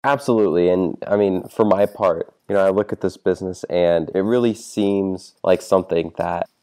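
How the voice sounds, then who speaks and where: A man interviewing a business seller, then reading a brisk closing pitch for the channel. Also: steady tone, dark tone. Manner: brisk, scripted sign-off.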